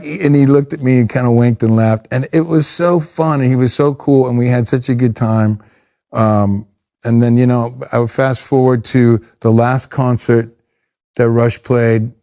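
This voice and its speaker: In a mid-range voice, a middle-aged pro drummer spins casual tales for an interviewer. The delivery wanders and bubbles with energy, full of restarts.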